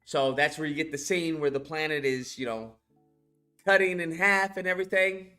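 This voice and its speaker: Bright-voiced man ranting about a film. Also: on the high side, moderate pace, soft background music. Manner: rambling, crude, lots of fillers. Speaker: movie reviewer. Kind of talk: casual ranting film recap.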